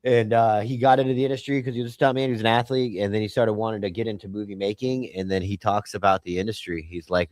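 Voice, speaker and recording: A man's voice: lowish voice, fairly even intonation, fast, hardly any pauses, a little mellow, no room sound. A man in casual podcast chat, rambling and argumentative, swearing often. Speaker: podcast host.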